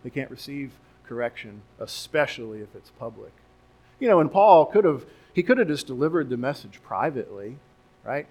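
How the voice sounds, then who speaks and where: A pastor preaching a sermon, explaining Bible verses and Greek words and repeating key words for emphasis. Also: male voice, mid-range voice, animated, normal speed, a little mellow.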